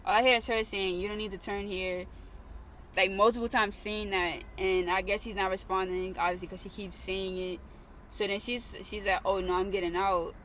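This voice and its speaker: Young woman rambling thru a storytime, bright tense voice, lots of "like", faint hiss behind. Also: medium pitch, fairly even intonation, moderate pace. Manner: rambling, repeats herself, many "like" fillers. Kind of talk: casual storytime chat.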